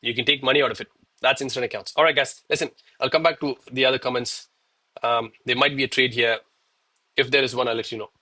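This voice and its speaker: A man in his thirties talking live to his viewers in a loose, chatty way, often calling them bro. His voice is bright and forceful, and he is a little winded from push-ups. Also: mid-range voice, steady tone, fast talker. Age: 30s. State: out of breath between push-ups. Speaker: live trading streamer. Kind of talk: live-stream commentary and chat.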